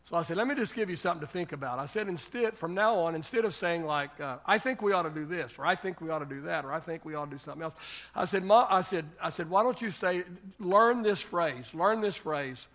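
Folksy older preacher, bright and emphatic. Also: male voice, on the high side, lively intonation, quick pace. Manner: folksy storytelling preacher, rising to emphatic exhortation. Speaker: pastor. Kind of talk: sermon.

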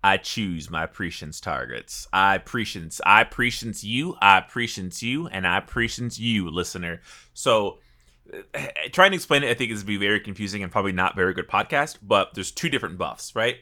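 A man co-hosting a casual gaming podcast, explaining things in an animated way and laughing often. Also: lowish voice, normal speed. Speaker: podcast co-host.

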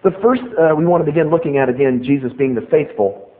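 A middle-aged man preaching a sermon, emphatic and animated, repeating key phrases for stress. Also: on the high side, fast. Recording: tinny phone-like sound.

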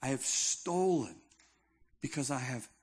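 A man's voice: mid-range voice, expressive, measured pace, slightly rough. A male pastor preaching a sermon in a conversational, emphatic style with touches of humor.

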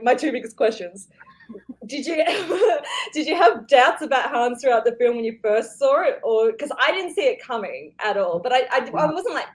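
Podcast host, woman, slightly high, curious questioner. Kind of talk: casual chat.

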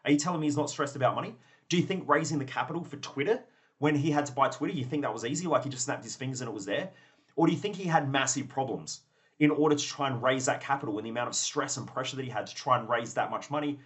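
A man's voice: medium pitch, fast talker, a bit bright. A man hosting a motivational podcast, blunt and profane, acting out both sides of imagined conversations. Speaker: podcast host.

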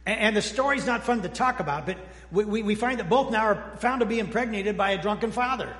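A man preaching a folksy, conversational sermon as pastor, joking with the congregation and often restarting his sentences before dropping suddenly quiet. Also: high voice, brisk. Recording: echoey hall with long reverb.

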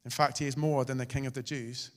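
A male pastor preaching a sermon, swinging between loud and hushed delivery. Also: medium pitch, flat delivery, quick pace. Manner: dramatic, shifting loud and soft. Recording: hall reverb.

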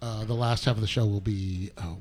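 A man's voice: lowish voice, fairly even intonation, brisk, darkish tone. A man hosting a casual group chat, joking and rambling and talking over others. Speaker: podcast host.

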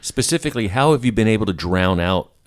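A man with a very deep voice fires off quick, probing questions. His voice sounds dry, with no room around it. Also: animated, dry recording. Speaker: interviewer.

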